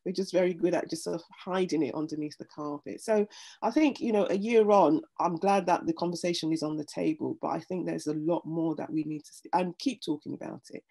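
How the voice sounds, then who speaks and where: A middle-aged woman speaking earnestly as an interview guest, animated when retelling stories. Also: fairly low pitch, a little fast, vocal fry. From United Kingdom. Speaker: interview guest, pastor and former nurse. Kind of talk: reflective conversation.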